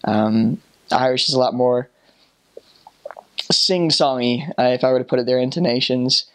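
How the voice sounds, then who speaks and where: A man in his twenties, a former missionary, talking casually and haltingly about his time abroad. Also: mid-range voice. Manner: relaxed, halting, full of fillers. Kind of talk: casual storytelling.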